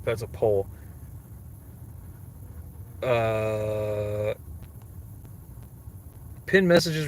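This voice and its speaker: A man's voice: mid-range voice, a bit bright. Casting note: male streamer, rambling casual chat with viewers, wry and self-mocking, lots of ums and restarts. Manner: rambling, heavy on fillers and restarts. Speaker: livestreamer answering chat questions.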